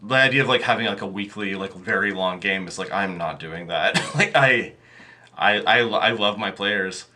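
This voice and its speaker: A man with a lowish, sharp-toned voice appears as a podcast guest and game master, chatting casually about running tabletop games. He speaks at a moderate pace, rambling with frequent fillers and restarts.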